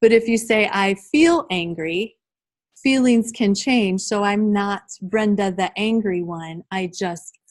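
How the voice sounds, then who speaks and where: A woman's voice: mid-range voice, steady tone, a little slow, hardly any pauses, rough recording. A middle-aged woman leading a live training workshop, talking conversationally and addressing the group directly.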